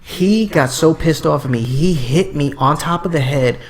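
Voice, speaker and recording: Young man, casual podcast chat, profane storytelling, sudden high-pitched bursts. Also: moderate pace, a little hiss or hum. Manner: loose storytelling, swears a lot, jumps into high-pitched imitations. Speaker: podcast co-host.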